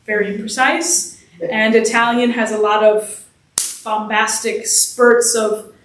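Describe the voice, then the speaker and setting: A young adult woman, a singer answering audience questions after a concert, explaining things in a chatty way with quick laughs. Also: a little high, flat delivery, a little hiss or hum. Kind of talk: casual post-concert Q&A. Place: church concert hall. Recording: echoey hall from far off.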